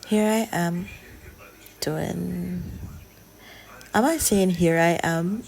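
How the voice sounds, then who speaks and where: A young woman chatting casually in a soft, often half-whispered drawl as she narrates a hair-braiding tutorial. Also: lowish voice, lively intonation, takes it slowly, gravelly. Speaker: hair vlogger.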